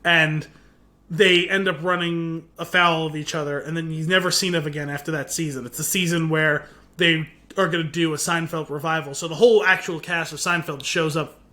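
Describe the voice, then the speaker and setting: A man with a somewhat high voice speaks at a moderate pace, co-hosting a podcast. In a casual chat, he animatedly recaps a TV episode, quoting lines and packing in filler words, especially "like."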